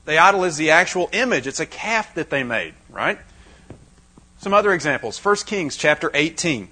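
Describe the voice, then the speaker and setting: A man's voice: on the high side, sing-song, normal speed, bright, forceful tone, slightly rough, poor audio. A man preaching a Bible-teaching sermon to a live audience, dramatizing the scripture with wry asides.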